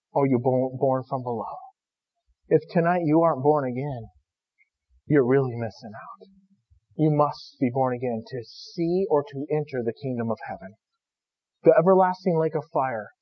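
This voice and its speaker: A man preaching a sermon with fervor, his voice swinging between loud appeals and hushed pleas. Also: on the high side, slightly rough. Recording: dull lo-fi recording.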